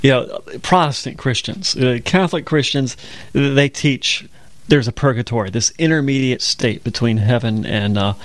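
A man's voice: medium pitch, moderate pace, no room sound. A man co-hosting a radio Bible program, explaining verses in an earnest, storytelling way.

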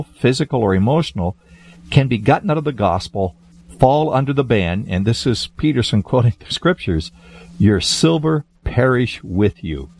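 A man who is a pastor, talking in a measured, emphatic way in a religious discussion. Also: mid-range voice, a little mellow, slightly rough.

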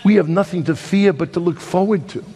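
A middle-aged man preaching a sermon, telling a story with dramatic swings between loud emphasis and hushed, slow lines. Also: sits high, husky. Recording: long hall reverb.

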